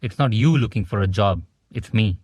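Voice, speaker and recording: An upbeat, pushy young man in an audiobook, a little raised in pitch and loud as a man narrator puts him on. Dry close sound. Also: normal speed, dry recording, dull audio, close to an everyday voice. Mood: eager. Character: eager young male friend. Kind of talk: audiobook character voice.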